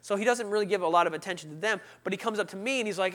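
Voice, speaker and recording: A man preaching a sermon, telling a personal story in a lively way, acting out the people in it and swinging from loud outbursts to hushed asides. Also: high-pitched, rapid-fire, few pauses.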